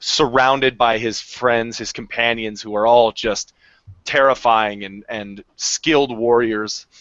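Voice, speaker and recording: A man's voice: mid-range voice, steady tone, takes it slowly, a bit bright, no echo. A man playing a tabletop game, hesitantly describing his character's actions. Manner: hesitant, many fillers. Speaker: player. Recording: dry, dull lo-fi audio.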